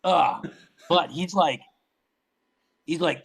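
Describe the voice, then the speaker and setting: A man's voice: fairly high pitch, expressive, slow, creaky, long pauses, poor audio. A man guest on a podcast, telling a long anecdote in casual chat, full of fillers and restarts.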